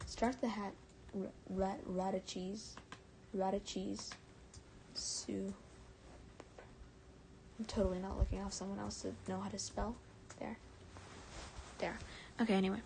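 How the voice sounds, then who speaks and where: A woman streamer reading fan fiction aloud on a live stream, often soft and breathy, stumbling and correcting herself and chatting with viewers in between. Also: mid-range voice, slight background noise.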